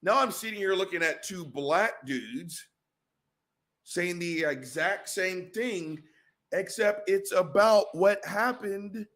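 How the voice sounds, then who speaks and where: A man's voice: sits high, slow, fairly bright tone. A man hosting a reaction stream, ranting heatedly and swearing constantly as he comments on a debate clip. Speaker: show host.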